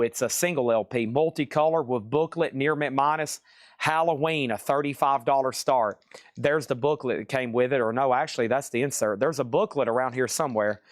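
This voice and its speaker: A man hosting a live-stream record sale, rattling off prices in quick, excitable patter full of exclamations. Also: medium pitch, dry recording, clean studio sound.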